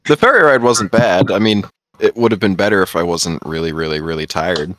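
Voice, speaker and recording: A man, co-hosting a podcast and telling stories in casual chat, excitable and swearing freely. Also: sits low, fairly quick, no room sound. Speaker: podcast co-host.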